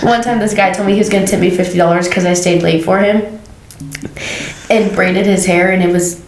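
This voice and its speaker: A woman's voice: fairly low pitch, a little fast, echoey room, a little hiss or hum, low-quality recording. A young woman, a hairstylist and podcast co-host, telling stories in casual chat and acting out the people in them. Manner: animated, acts out quoted dialogue, laughs often.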